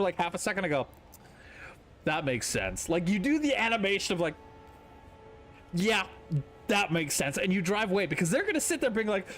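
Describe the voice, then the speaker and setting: A man streaming a game, chatting casually with viewers and telling animated stories, swearing freely. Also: sits high. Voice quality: profane, animated storytelling. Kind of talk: casual gameplay chat with viewers.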